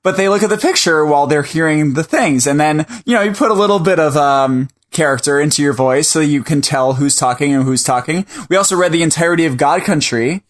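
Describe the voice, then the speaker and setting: A man's voice: fairly high pitch, brisk, few pauses. A man co-hosting a comics podcast, chatting casually in an earnest, defensive way. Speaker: podcast co-host. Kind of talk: casual chat.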